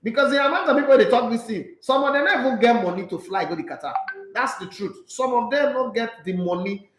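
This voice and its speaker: A Nigerian man hosting a casual sports live stream, reading out viewer comments and answering in a blunt, animated way, slipping into Pidgin. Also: very high voice, brisk, roomy sound, faint music behind, poor audio.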